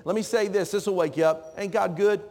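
High-voiced joking preacher. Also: male voice, steady tone, a little fast, mellow. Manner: joking, calls out to the congregation. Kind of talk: sermon. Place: church sanctuary. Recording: long reverb of a church hall.

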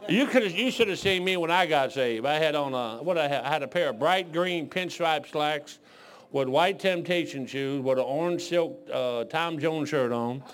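A man's voice: a little high, normal speed. A man in his sixties from Detroit, preaching a folksy sermon full of rambling, joking stories. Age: 60s.

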